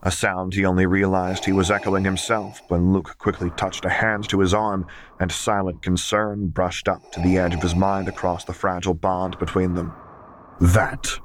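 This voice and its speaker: A man narrating a fan fiction audiobook in a steady, measured storytelling manner. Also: low voice, a little hiss or hum. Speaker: audiobook reader.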